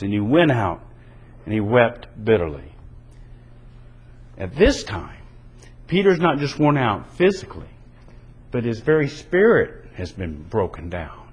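A man's voice: on the low side, huge pitch swings, measured pace, long pauses, slightly rough, poor audio. A man preaching a sermon in an earnest, emphatic way, his delivery rising and falling. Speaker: pastor.

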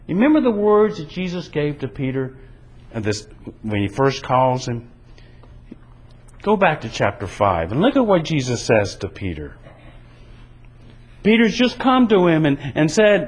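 A man's voice: on the high side, huge pitch swings, a little slow, pauses often, rough recording. A man preaching a sermon in an earnest, emphatic way, his delivery rising and falling. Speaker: pastor.

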